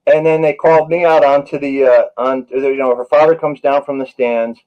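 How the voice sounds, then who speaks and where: A man's voice: mid-range voice, fairly even intonation, normal speed, dull audio. Earnest storytelling paramedic man. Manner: earnest, anecdotal, many "you know" fillers. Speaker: paramedic and author, interview guest. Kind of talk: storytelling in a podcast interview.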